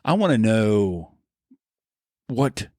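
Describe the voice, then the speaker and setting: A man's voice: fairly low pitch, very animated, drawn-out words, darkish tone, dry recording, clean studio sound. A man co-hosting a casual podcast, playful and teasing with crude banter. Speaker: podcast co-host.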